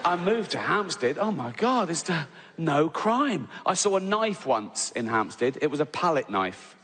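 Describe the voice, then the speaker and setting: Middle-aged English stand-up comedian, rambling and chatty, on a handheld mic in a big echoing theatre. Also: male voice, fairly high pitch, big pitch swings, measured pace, slight background noise. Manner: rambling, self-interrupting, conversational. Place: large theatre stage. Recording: live venue with long reverb and loud crowd.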